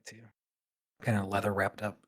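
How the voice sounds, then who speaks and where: A man's voice: fairly low pitch, flat delivery, fairly quick, a bit bright. A man narrating a tabletop game as game master, casual and full of fillers.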